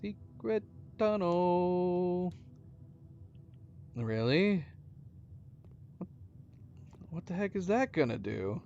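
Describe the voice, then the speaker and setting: A man playing a puzzle game and commenting as he goes, mumbling to himself and then breaking into loud surprised outbursts. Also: fairly high pitch, vocal fry, soft background music. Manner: excitable, quick swings between mumbling and loud exclaims. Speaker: gaming channel host. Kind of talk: let's play commentary. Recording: dull lo-fi sound.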